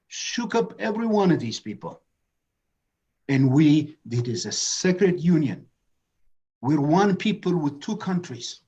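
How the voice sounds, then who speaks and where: A man's voice: fairly high pitch, warm tone, breathy edge, muffled recording. A man moderating a webinar, giving passionate opening remarks that rise to emphatic declarations.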